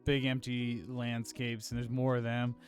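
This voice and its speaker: A man's voice: medium pitch, monotone, a little slow, faint music behind. A young man co-hosting a casual film podcast, hedging and filling his talk with "like". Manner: loose, hedging, many "like"s. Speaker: podcast co-host.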